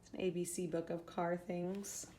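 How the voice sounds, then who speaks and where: Chatty young woman with a low voice. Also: flat delivery, normal speed, warm tone, a little hiss or hum. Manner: chatty, with many fillers and restarts; gushing and tearful over baby things. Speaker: vlogger. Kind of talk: casual vlog chat. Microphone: handheld camera.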